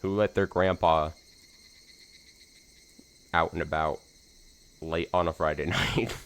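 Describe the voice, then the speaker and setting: A slightly hoarse man hosting a let's play stream, chatting casually before reading a visual novel. He rambles in a self-deprecating way with plenty of fillers. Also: deep voice, fairly even intonation, slow, a bit bright, slight background noise.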